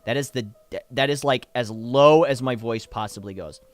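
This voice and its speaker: A man chatting casually on a livestream, answering viewer questions in an animated way, laughing easily and swearing offhand. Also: medium pitch, dry recording. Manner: demonstrates voices with quick shifts. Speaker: voice actor and streamer.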